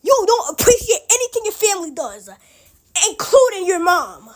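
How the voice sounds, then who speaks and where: A woman's voice: extremely high pitch, sing-song, moderate pace. A woman putting on a sugary, clingy, spiteful girl. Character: clingy possessive girl, sweet but spiteful.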